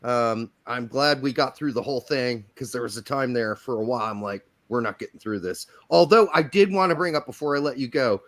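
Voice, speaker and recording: A man's voice: mid-range voice, fairly quick, hardly any pauses. A man hosting a sports podcast, joking and teasing his guests in casual chat. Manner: jokey, animated, teasing. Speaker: podcast host.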